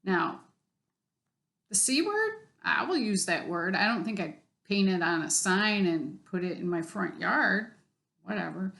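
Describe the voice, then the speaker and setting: A woman's voice: mid-range voice, big pitch swings, unhurried, vocal fry, a bit bright. A woman telling a story in a casual vlog, blunt and exasperated, swearing freely. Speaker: vlogger.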